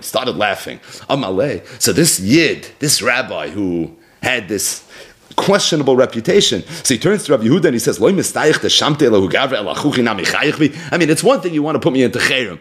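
Man teaching Talmud, lively and conversational. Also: mid-range voice. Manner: lively, conversational, chants Aramaic then paraphrases. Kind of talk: Talmud class, translating and explaining.

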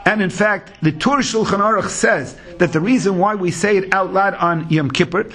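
Chanting in a sing-song rhythm, a rabbi teaches Talmud in Yeshivish English and works Hebrew and Yiddish terms into his explanations. He speaks at a normal speed in a high, somewhat bright voice.

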